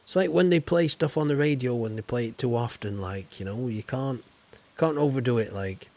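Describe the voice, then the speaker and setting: Chatty man, gravelly. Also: mid-range voice, normal speed, mellow. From England. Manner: rambling, chatty, playful. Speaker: streamer. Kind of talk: casual live gameplay chat.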